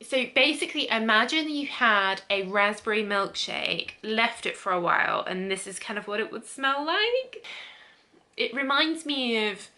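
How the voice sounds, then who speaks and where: Bright-voiced woman reviewing perfumes. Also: a little high, very animated, a little slow. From England. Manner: chatty, descriptive, frequent ums. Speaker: beauty vlogger. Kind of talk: casual product review.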